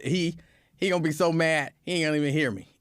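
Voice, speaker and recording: A man hosting a casual livestream show, telling a story in an animated way, laughing often and acting out scenes. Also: a little high, quick pace, smooth. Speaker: show host.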